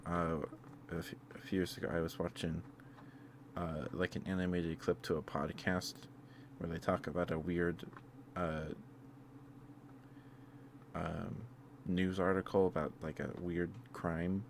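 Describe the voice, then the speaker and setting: Low-voiced man rambling softly on stream. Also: level tone, unhurried, pauses often, slight background noise. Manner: rambling, laughs often, many restarts. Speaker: ASMR streamer. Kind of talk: soft-spoken ASMR live stream chat.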